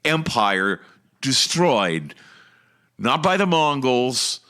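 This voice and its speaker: An Australian man hosting a casual political chat show, sardonic and quick to laugh. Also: medium pitch. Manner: laughs often, sardonic and animated. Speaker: podcast host.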